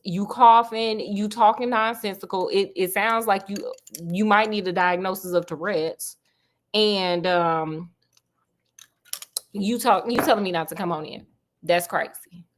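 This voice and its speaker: A woman's voice: medium pitch, unhurried, a bit bright, close to an everyday voice. A woman doing an exasperated loyal doctor friend. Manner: exasperated, slangy, affectionate. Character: loyal worried man, a doctor and best friend.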